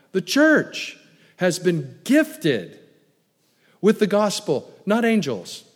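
Booming preacher in a reverberant hall. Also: male voice. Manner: preaching with wide swings in loudness, booming then dropping low. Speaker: pastor. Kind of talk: sermon. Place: church sanctuary. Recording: long reverb of a large hall.

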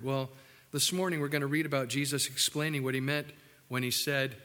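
Bright-voiced preacher in an echoey hall. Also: male voice, mid-range voice, a little fast. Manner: animated, acts out quotes, jokes with the congregation. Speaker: pastor. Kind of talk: sermon. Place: church building.

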